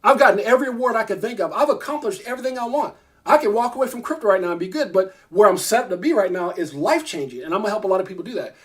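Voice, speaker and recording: A man's voice: high-pitched, animated, a bit bright. A man, a crypto YouTuber, ranting to camera, irritated, emphatic and repetitive. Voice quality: fast, emphatic, repeats himself. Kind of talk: heated rant to camera.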